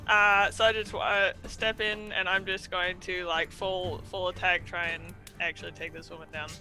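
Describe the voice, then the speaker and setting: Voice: medium pitch, level tone, moderate pace, sharp tone, faint music behind. A player in a tabletop game, describing attacks hesitantly with many fillers. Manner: hesitant, full of fillers and laughs. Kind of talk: casual tabletop game play.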